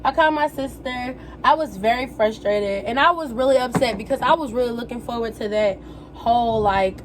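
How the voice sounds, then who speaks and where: A young woman telling a story in a casual, animated way, full of slang and quoted exclamations. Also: high voice, a little hiss or hum. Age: young adult. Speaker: vlogger. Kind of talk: casual storytelling while getting ready.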